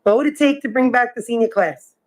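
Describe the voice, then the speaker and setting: A woman's voice: a little high, brisk, darkish tone, poor audio. A woman board member pressing questions in a meeting discussion, cutting in to get answers.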